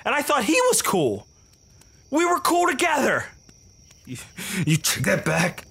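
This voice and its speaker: A man playing a hotheaded young man who shouts and seethes with threats. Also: very high-pitched, huge pitch swings, measured pace, vocal fry, breathy edge, exaggerated voice. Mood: seething.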